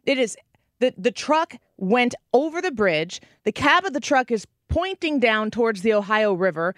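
A woman in her thirties hosting a talk radio show, telling stories with animated energy and acting out the quotes. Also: a little high, moderate pace, no room sound, studio quality. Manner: animated storytelling, acts out quotes. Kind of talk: conservative talk radio monologue.

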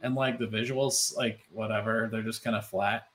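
A man co-hosting a casual podcast chat, animated and loose, full of "like" fillers and swearing. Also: on the low side, normal speed. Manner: animated, swearing, many "like" fillers, mimics voices. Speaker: podcast co-host.

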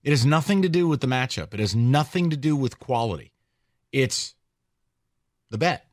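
A man co-hosting a sports talk podcast, opinionated and lively, posing questions to listeners. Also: mid-range voice, moderate pace, no room sound, studio quality. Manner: animated, opinionated, rhetorical questions.

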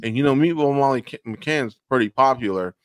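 A man co-hosting a podcast, chatting casually about fights in an animated way and slipping into mock voices. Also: medium pitch, fairly quick, no room sound, studio quality. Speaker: podcast co-host. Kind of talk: casual MMA recap chat.

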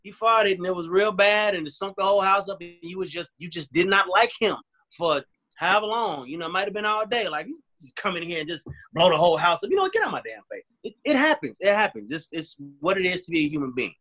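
A man speaks with earnest, animated conviction, slipping into other voices to replay both sides of an argument. His tone is bright and forward and sits a bit high for a man. He sounds like a guest on a remote call. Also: quick pace. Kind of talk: candid interview talk.

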